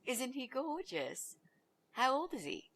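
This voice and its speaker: An actress playing a brash young woman student who talks her way in as a babysitter, bold and quick to take charge. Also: high voice, big pitch swings, a bit bright, husky, exaggerated voice. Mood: confident.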